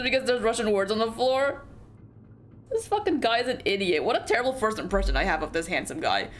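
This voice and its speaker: A woman's voice: fairly high pitch, big pitch swings, fairly quick, a little hiss or hum. A woman streamer giving casual, joking gameplay commentary with profane asides. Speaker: let's play streamer. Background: game music.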